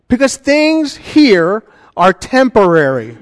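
High-voiced preaching man in a hall. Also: normal speed, studio quality. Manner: animated, conversational preaching with joking asides. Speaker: pastor. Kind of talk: sermon.

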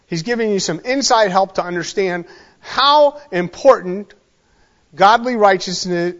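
A man's voice: high voice, lo-fi sound. A man preaching a sermon in a conversational way, often checking in with his listeners. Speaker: pastor.

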